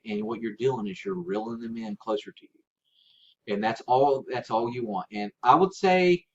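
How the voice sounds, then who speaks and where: Male seller-coach, mid-pitched and chatty, informal how-to delivery, slightly dull lo-fi audio with a faint hiss. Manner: informal and coaching, often checks in with "right?". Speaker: online seller giving a tutorial. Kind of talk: casual spoken how-to tutorial.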